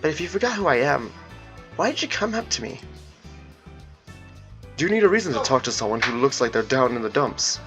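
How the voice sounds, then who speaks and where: A man voicing a big, friendly furry man with an attempted British accent, calm and kindly reassuring. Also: mid-range voice, brisk, long pauses, faint music behind. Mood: curious.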